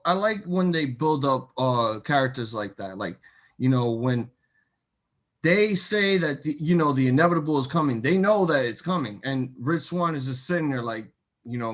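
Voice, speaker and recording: A young man co-hosting a casual wrestling chat show, excitable and animated, with many fillers. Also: medium pitch. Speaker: co-host.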